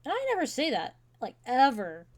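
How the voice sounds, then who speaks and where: A woman's voice: high voice, wildly swooping pitch, moderate pace, darkish tone, pitched above the performer's own voice, heavily acted. A woman voicing a shy, insecure young man who stammers and gushes as he fawns over someone. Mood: flustered. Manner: stammering, gushing.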